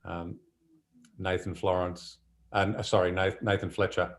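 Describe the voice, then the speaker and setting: Chatty surf photographer, low voice. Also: male voice, measured pace. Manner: relaxed and chatty, laughs often, many fillers. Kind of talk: casual conversational storytelling.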